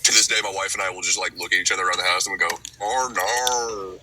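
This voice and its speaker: Man, very deep voice, animated swearing storyteller, noisy. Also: very fast. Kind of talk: casual storytelling chat. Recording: clear background noise.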